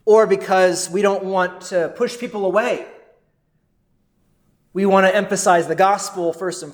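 A man with a high voice preaches a sermon as a pastor, earnest and conversational, and he often turns to his listeners with rhetorical questions. His voice rings in an echoey room.

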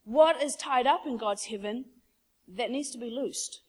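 A woman preaches with fervent conviction, her voice sitting a touch high. She tells her story casually and conversationally, like chatting with the congregation. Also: measured pace, breathy edge. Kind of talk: sermon.

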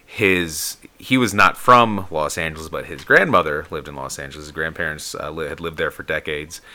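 Super deep voiced guy telling a story, bright edge, jumps way up high doing other people's lines. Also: moderate pace. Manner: animated storyteller, acts out quotes in a high voice. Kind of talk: casual storytelling chat.

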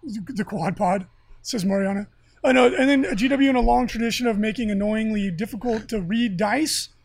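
High-pitched husky man ranting. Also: normal speed. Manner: excitable, joking, rants. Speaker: podcast co-host. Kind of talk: casual hobby chat.

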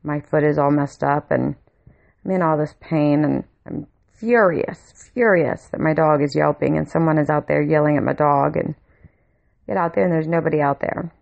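Gravelly low-voiced woman telling a story. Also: steady tone, normal speed, darkish tone. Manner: blunt, swears freely, heated when retelling anger. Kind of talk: casual storytelling monologue. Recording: dull lo-fi home recording.

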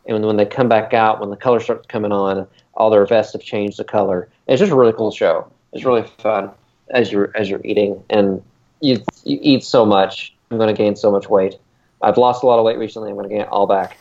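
Low-voiced man chatting on a podcast. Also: fairly even intonation, fairly quick, a little mellow. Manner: rambling, many ums and uhs. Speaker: podcast co-host. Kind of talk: casual chat. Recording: dull lo-fi recording.

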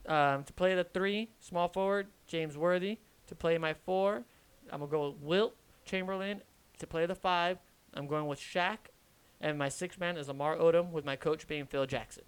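A man's voice: on the high side, normal speed, clean tone. A young man co-hosting a sports podcast, eagerly arguing for his picks. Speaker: podcast co-host. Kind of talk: casual sports chat.

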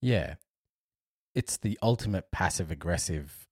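A young man co-hosting a podcast, telling a travel story in an animated way, laughing often and acting out what people said. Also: low-pitched, normal speed, slightly rough, no room sound, studio quality. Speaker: podcast co-host. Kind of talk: casual storytelling chat.

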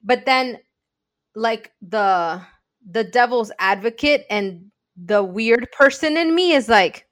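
A woman's voice: a little high, expressive, slow pace, a bit bright. A woman in a casual conversation, thinking aloud in a reflective, agreeable way.

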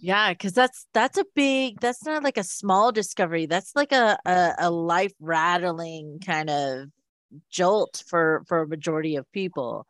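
A woman co-hosting a podcast who chats casually and gives reflective, halting remarks. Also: lowish voice, fairly bright tone, no room sound, clean studio sound. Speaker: podcast co-host. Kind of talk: casual chat.

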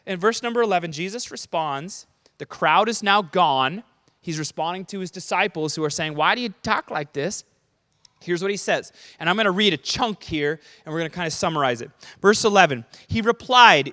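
High, bright-voiced preacher man in a reverberant hall. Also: moderate pace. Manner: animated, checks in with listeners. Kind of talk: conversational sermon.

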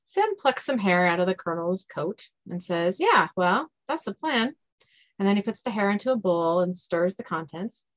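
A woman hosting a podcast, chatty and quick to laugh, recapping a TV episode. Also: on the low side, no echo. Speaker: podcast host.

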